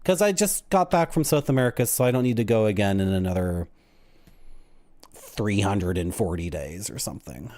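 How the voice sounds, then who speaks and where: A man's voice: fairly low pitch, animated, normal speed, a little mellow. A man from Canada, chatting casually and jokingly to viewers while streaming games. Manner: jokey, rambling, puts on silly voices. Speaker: game streamer. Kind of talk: casual livestream chat.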